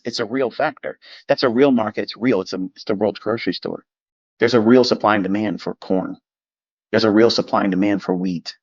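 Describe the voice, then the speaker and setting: A man's voice: lowish voice, no room sound, lo-fi sound. A man giving a blunt, lecture-style talk on trading, dismissive of critics, swearing and repeating himself. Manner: mimics critics in quoted asides. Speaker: trading educator.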